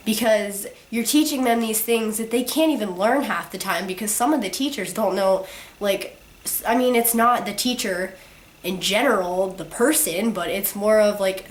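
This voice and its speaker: A teenage girl vlogger ranting casually to camera, her sick voice cracking, filling every pause with "like". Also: mid-range voice. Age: teens. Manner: ranting, constant "like" fillers. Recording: roomy echo.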